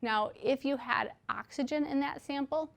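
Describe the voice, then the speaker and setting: A woman's voice: high-pitched, moderate pace, creaky. A woman teaching a recorded chemistry lecture, explaining patiently with everyday examples and checking in with "okay?" as she goes. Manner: conversational, frequent "okay?" check-ins.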